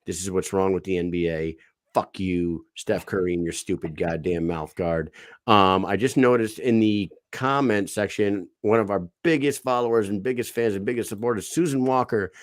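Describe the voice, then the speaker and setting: Low-voiced joking podcast co-host, man. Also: normal speed, no room sound, studio quality. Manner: profane, joking, excitable. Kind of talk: casual chat.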